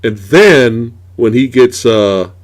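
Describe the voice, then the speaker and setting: A male host in a loose movie chat, his pitch swinging widely as he rants. He swears freely and sounds exasperated, and he piles on restarts and asides. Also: expressive, slow pace. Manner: ranting, profane, exasperated. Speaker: podcast host. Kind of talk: casual movie review chat.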